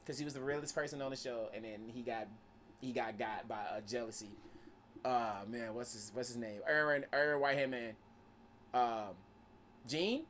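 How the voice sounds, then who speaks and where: A man chatting casually on a podcast, an excitable, slangy storyteller. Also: mid-range voice, normal speed, a little hiss or hum. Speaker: podcast host or guest.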